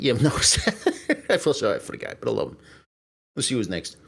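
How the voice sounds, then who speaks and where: A man's voice: mid-range voice, wildly swooping pitch, normal speed, creaky, pauses often, fairly bright tone, husky. A middle-aged man from Brooklyn hosting a livestream, chatting casually in a rambling, profane way with lots of fillers. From Brooklyn, USA. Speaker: streamer and show host.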